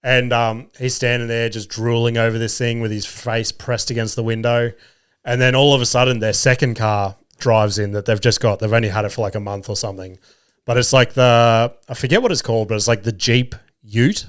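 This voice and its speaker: A young Australian man spins casual stories on his podcast, swearing freely as he goes. He animates each retelling with quoted lines, in a voice of ordinary middle pitch. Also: steady tone, a little fast, smooth. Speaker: podcast host. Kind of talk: casual storytelling.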